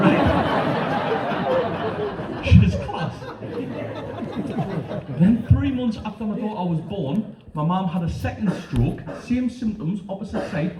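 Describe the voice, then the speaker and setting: A middle-aged man from northern England, with a northern English accent and a high-pitched voice, tells brash, sweary stories during a stand-up set on a comedy club stage, doing lively voices for the people he quotes. He's far from the mic, and the live-club recording sounds roomy and dull, with noise.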